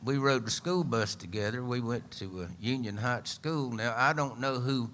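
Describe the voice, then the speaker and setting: A man's voice: medium pitch, moderate pace, fairly bright tone. A man in his seventies with an East Tennessee accent, telling a folksy, dry-humored story live on a radio show. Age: 70s. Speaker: singer-songwriter and storyteller.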